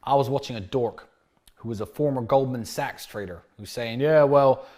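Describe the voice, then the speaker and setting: A man in his thirties giving a brash, animated dating lecture, often acting out bits of dialogue. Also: mid-range voice, moderate pace. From United Kingdom. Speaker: dating coach. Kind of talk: lecture-style monologue.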